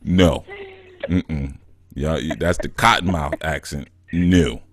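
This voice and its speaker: A man's voice: very deep voice, steady tone, slow, dry recording. A man, hosting a call-in show, teasing and joking in easy slang with a caller. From New York. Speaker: spiritual counselor and show host. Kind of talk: casual call-in banter.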